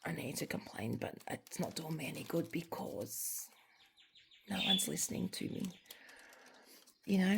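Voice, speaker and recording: An Australian woman chatting candidly at home while crafting, rambling and sometimes sinking to a soft near-whisper. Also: low voice, vocal fry, background noise. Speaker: crafting vlogger. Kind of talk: casual chat while crafting.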